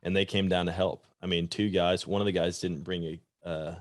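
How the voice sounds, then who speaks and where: A man hosting a podcast, chatting in a relaxed way with short agreeing replies. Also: deep voice, normal speed. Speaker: podcast host. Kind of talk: casual conversation.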